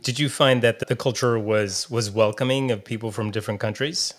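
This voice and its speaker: A man narrating and asking interview questions in a plain, measured way. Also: medium pitch, steady tone, no room sound, studio quality.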